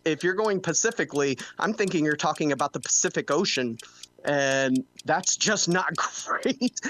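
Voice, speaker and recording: A man's voice: a little high, a bit bright, a little hiss or hum. A man co-hosting a casual panel chat, playful with mock outrage.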